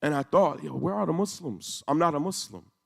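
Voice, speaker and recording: A man's voice: fairly high pitch, lively intonation, a little fast, gravelly. Intense man telling a story in a hall. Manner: intense, storytelling with rising emphasis. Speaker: speaker. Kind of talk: emotional speech to a congregation. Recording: echoey hall.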